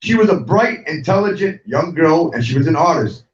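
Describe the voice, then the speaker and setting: A man's voice: a little high, animated, normal speed, slight background noise. A middle-aged man hosting an online talk show, ranting angrily and profanely and repeating himself as he speaks straight to viewers. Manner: angry, profane, repetitive, talks straight at viewers. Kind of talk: heated livestream rant. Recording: dull, roomy sound from a distant mic.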